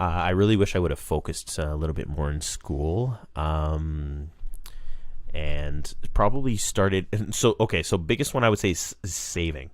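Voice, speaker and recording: A man of about thirty with a very low voice trades jokes on a casual podcast, often breaking into laughter. The sound is close and dry, with no room echo. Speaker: podcast co-host. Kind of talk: casual chat.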